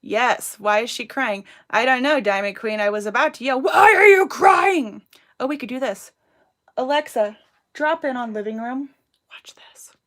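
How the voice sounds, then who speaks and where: A woman in her thirties with a somewhat high voice chats loosely through a crafting livestream. She rambles, greets viewers by name and answers their comments between steps. Her speech is casual and unscripted. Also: normal speed, a bit bright. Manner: chatty and rambling, reads out viewers' names and comments. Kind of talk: casual live-stream chat while crafting.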